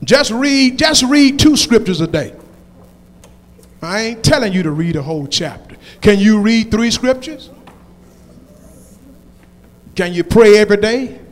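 A male pastor preaching a sermon with call-and-response, building to shouted climaxes. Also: sits high, animated, measured pace, long pauses, big-room sound.

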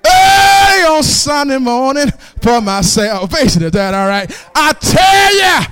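A male preacher delivering a call-and-response sermon, repeating a refrain and building to shouts in a chanting rhythm. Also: very high voice, sing-song, measured pace.

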